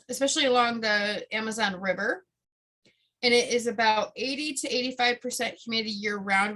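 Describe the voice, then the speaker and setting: A woman's voice: mid-range voice, bright, forceful tone, low-quality recording. A woman casually explaining product uses in a chatty way, often tripping over words and correcting herself. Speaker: essential oils presenter. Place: her room at home.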